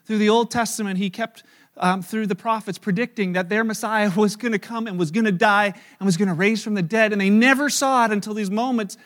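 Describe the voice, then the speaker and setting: A middle-aged male pastor preaching a sermon, telling the story with lively acted-out scenes and chuckling as he talks. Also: high voice, a little fast. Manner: chuckles while talking.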